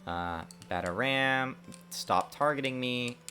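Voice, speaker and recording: A man streaming his game development work, talking to himself in a lively, self-mocking way. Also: medium pitch, takes it slowly, soft background music. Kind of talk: casual livestream dev commentary.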